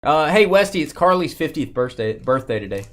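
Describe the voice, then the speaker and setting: Animated, jokey man hosting a card break. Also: a little high, a little fast. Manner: jokey, reads out viewer names and teams, banters with chat; chatty asides about cards as he opens packs. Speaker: host of a live sports card group break. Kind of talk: casual live-stream commentary.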